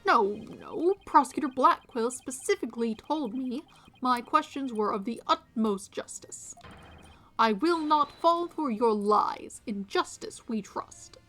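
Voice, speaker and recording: A woman voicing an overeager, self-righteous male police detective with a booming delivery, faint music behind. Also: animated, measured pace, a bit bright, full character voice. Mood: zealous.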